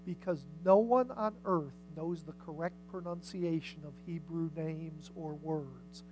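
A pastor with a mid-range voice preaches a little slowly at a church service, over soft background music in a low-quality recording. The tone is casual, with questions put to the congregation, scripture read aloud, and volume rising and falling between loud and soft.

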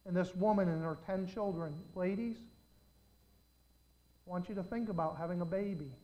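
A man's voice: high voice, normal speed, warm tone, poor audio. Older preacher man telling dramatic stories. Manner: dramatic storytelling, questions the congregation directly. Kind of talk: sermon.

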